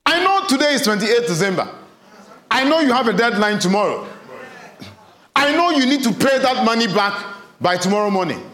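A man preaching a sermon as pastor, emphatic and repeating his questions in a lively cadence, recorded in a church hall. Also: very high-pitched, brisk. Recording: roomy hall echo.

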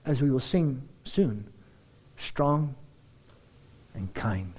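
A man preaching a sermon, building to excited, emphatic peaks. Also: mid-range voice, extremely slow, pauses often, breathy edge. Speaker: pastor.

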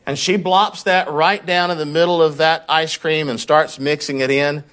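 A male pastor delivers a sermon, recounting a personal story in a lively, conversational manner and repeating words as he gets worked up. His voice is fairly high, and he speaks at a moderate pace.

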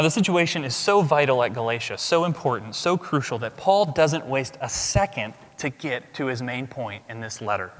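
A man preaching a sermon as pastor, emphatic, swinging from loud declarations to hushed asides. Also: on the high side. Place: church sanctuary. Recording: long reverb of a large hall.

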